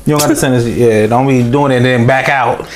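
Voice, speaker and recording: A man's voice: medium pitch, steady tone, a little fast, slight background noise. A man co-hosting a podcast in casual chat, rambling and joking, hesitating with many fillers. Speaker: podcast co-host.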